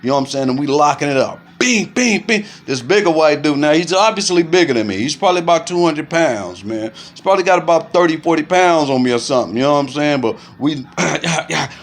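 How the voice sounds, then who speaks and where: Fast-talking man telling a story. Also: fairly high pitch. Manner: animated, profane street talk, keeps saying "you know what I'm saying"; makes punching sounds aloud. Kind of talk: casual storytelling to camera.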